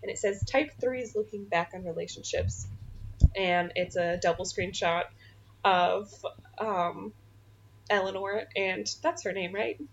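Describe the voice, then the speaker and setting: A woman's voice: medium pitch, a little slow. A young woman co-hosting a podcast, laughing often as she reads memes aloud in casual chat. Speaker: podcast co-host. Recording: slightly dull, faint noise.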